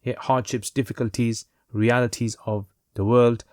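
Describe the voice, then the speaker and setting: A man teaching a lesson on religious texts in an unhurried, reflective way, pausing with fillers as he explains. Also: medium pitch, flat delivery, no echo, studio quality. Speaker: Islamic teacher.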